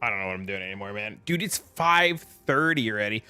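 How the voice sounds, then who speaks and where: A man's voice: on the low side, expressive, fairly quick, hardly any pauses, bright, forceful tone, clear, resonant tone, faint music behind. A man streaming a game, chatting casually in a laid-back, profane, rambling way full of fillers. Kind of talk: casual live-stream chat.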